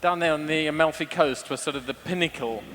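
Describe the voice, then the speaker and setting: A man with a slightly high voice speaks earnestly from a stage about his craft, reflective and loose, often starting his sentences over. A long hall reverb trails his words. Faint background noise sits behind him. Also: fairly quick, fairly bright tone. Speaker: lead hairstylist. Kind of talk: stage talk on a creative concept. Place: large event hall on stage.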